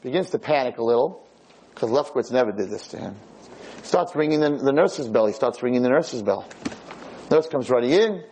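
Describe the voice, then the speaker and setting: A man giving a lecture on camera, telling a story in a dramatic, repetitive, animated way. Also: medium pitch, a little fast, a little hiss or hum, low-quality recording. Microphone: filmed on camera.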